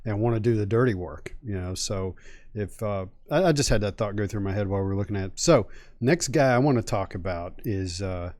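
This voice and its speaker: Low-voiced man in casual sports chat. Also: brisk, a little mellow, no echo, studio quality. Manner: conversational, leads topics, thinks aloud. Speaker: podcast co-host.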